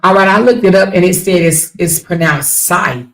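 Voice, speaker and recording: Woman, livestream host, gravelly fry in the voice, casual chatty replies to viewer comments. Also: fairly low pitch, normal speed. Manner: reads viewer comments aloud and answers them chattily.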